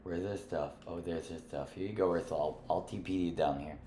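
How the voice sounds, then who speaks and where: A man with a fairly low voice hosts a casual gaming livestream, teasing the other players in a playful, sing-song way and sometimes sinking into a soft murmur. His voice rings in a roomy, echoey space with a faint hiss behind it. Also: steady tone, a little fast. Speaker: livestream host. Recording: roomy echo with faint background noise.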